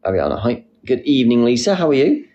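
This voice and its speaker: A young man hosting a casual live stream, reading out comments with a playful, silly manner and sudden squeaky jokes. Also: very animated, fast talker, mellow, lo-fi sound. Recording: faint background noise.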